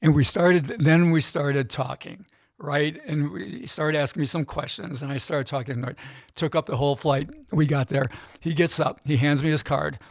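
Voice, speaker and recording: A middle-aged man, a gambling expert guest, telling an animated story in casual interview chat and often tagging his lines with "right?". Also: a little high, moderate pace, gravelly, no room sound, clean studio sound.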